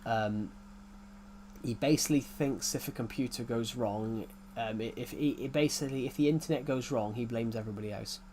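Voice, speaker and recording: A man's voice: mid-range voice, brisk, darkish tone, slight background noise. A man with an English accent rambling in casual chat as a gaming YouTuber, often restarting his sentences. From United Kingdom. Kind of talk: casual chat while playing a game.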